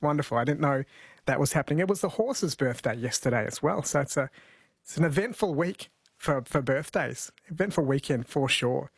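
A man's voice: on the high side, animated, fairly quick, slightly rough, no echo. A man hosting live radio, reading out listener texts and running a phone quiz in a chatty way. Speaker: radio host.

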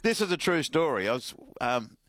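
A man's voice: on the high side, very animated, normal speed, fairly bright tone. A man hosting a sports radio show, bantering and teasing his co-hosts.

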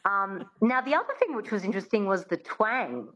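A woman, a dialect coach explaining in an interview and demonstrating sounds slowly and precisely. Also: mid-range voice, expressive, a bit bright, rough recording. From Australia. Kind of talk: conversational interview, teaching.

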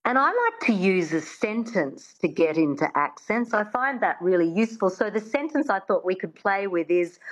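A woman working as a dialect coach, teaching an accent on the radio and slowly drilling words for the listener to repeat. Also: medium pitch, big pitch swings, poor audio. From Australia.

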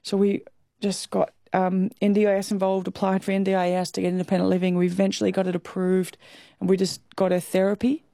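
In a clean, echo-free studio recording, an Australian woman in her thirties talks candidly and emotionally as an interview guest, often laughing. Her medium-pitched voice is warm and gravelly yet monotone.

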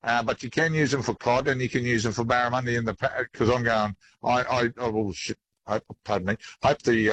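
A man with an Australian accent, a fishing guest chatting casually in a relaxed, folksy way. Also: medium pitch, brisk, slight background noise, rough recording. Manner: relaxed, folksy, keeps saying mate. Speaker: angler guest. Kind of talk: casual interview chat.

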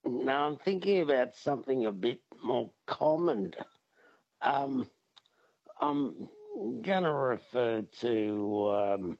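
Drawling, joking male caller, husky voice on a muffled phone line. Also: mid-range voice, big pitch swings, takes it slowly, darkish tone, dry recording.

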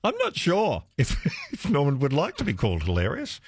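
A man's voice: sits high, huge pitch swings, moderate pace, hardly any pauses, slightly rough, dry recording. A man hosting a talkback radio show, laughing often and reassuring callers. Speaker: radio host. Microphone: studio microphone.

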